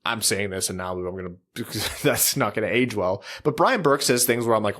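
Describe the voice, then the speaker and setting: A man's voice: lowish voice, normal speed, few pauses, a bit bright. A man co-hosting a casual podcast, joking and reading out listener messages. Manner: laughing, reads listener messages. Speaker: podcast co-host.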